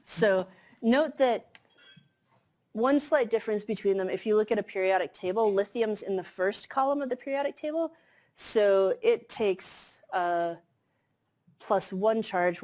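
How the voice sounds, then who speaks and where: A woman's voice: medium pitch, measured pace, darkish tone. A woman giving a chemistry lecture in a classroom, explaining casually with many fillers. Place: lecture hall.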